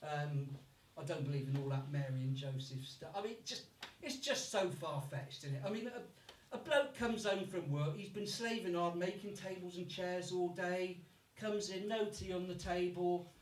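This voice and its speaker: Brummie stand-up comic in an echoey club. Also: male voice, high-pitched, normal speed, hardly any pauses. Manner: swears freely, puts on voices for accents. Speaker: stand-up comedian. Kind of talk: stand-up comedy set. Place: live comedy club. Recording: echoey room from far off.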